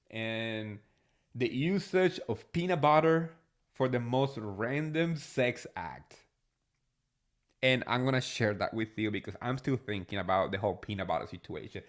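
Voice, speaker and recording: A man's voice: medium pitch, animated, slow pace. A man hosting a casual reality TV gossip recap, chatty and gushing, talking straight to his viewers. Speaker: podcast host.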